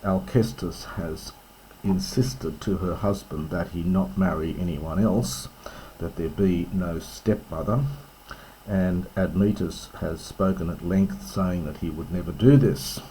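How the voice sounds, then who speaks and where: A man teaching ancient Greek, reading lines aloud and explaining them slowly and carefully, with many pauses and self-corrections. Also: deep voice, dark tone, slight background noise, low-quality recording. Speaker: classics teacher.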